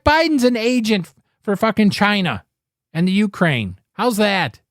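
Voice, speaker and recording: An angry man holds forth as a podcast host, cursing constantly and doubling back mid-sentence. His voice sits fairly high and swings widely in pitch. The sound is dry and close, with no room around it. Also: big pitch swings, a little slow, no room sound. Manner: angry, swearing freely, rambling with restarts. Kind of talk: profane political commentary rant.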